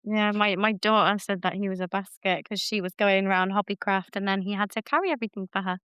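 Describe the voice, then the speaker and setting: A woman's voice: mid-range voice, quick pace, fairly bright tone, smooth, no echo. A woman hosting a casual late-night podcast chat from her bedroom, talking in a chatty, teasing, light-hearted way. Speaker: podcast host.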